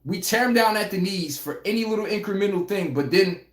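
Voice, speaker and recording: Guy riffing on sports with his chat, high voice, kinda echoey room, jokey. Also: brisk. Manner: animated, laughing, joking banter with chat. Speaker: live stream host. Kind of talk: casual sports chat reading live comments.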